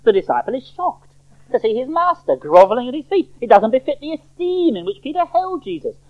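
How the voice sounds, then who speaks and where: A man's voice: extremely high pitch, big pitch swings, brisk. A man preaching an expository sermon, emphatic and fond of rhetorical questions. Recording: tinny phone-like sermon recording.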